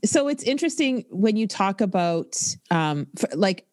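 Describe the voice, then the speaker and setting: A woman's voice: medium pitch, very animated, moderate pace, a little mellow, no echo. Chatty woman podcast host, dry sound. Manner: frank and chatty, swears casually. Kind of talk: casual interview chat.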